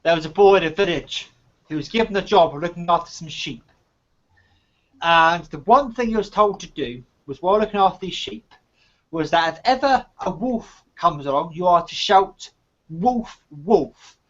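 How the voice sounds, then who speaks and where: High-voiced man telling a fable, lo-fi. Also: normal speed. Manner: patient, explanatory storyteller with lively dramatic emphasis. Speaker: co-host of a live online chat. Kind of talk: casual live chat, retelling a fable. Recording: dull lo-fi stream audio.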